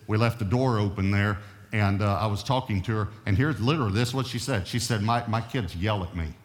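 A man's voice: lowish voice, a little fast. A male pastor delivering a sermon, emphatic and checking in with his congregation. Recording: long reverb of a large hall.

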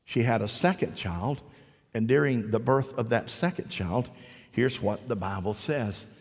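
In a large hall with long reverb, a man with a mid-range voice preaches to a congregation at a measured pace. He tells a story in a folksy way, tossing in jokey asides and asking the crowd questions.

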